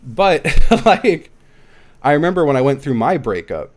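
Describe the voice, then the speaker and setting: Animated man chatting on a game stream. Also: on the high side, measured pace. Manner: animated storytelling with frequent laughs. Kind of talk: casual live-stream chat while gaming.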